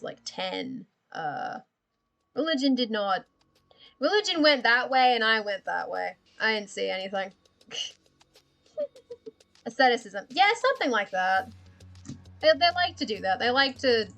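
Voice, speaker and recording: A woman's voice: on the high side, fairly bright tone. A woman chatting casually on a livestream while she draws, rambling, thinking aloud and often giggling. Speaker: streamer.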